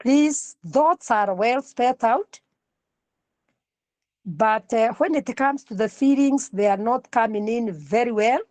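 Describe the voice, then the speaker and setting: A woman lecturing to a class at a slow, deliberate pace, her voice fairly high. She repeats words while she explains, and the sound is dry and close. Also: darkish tone, dry recording.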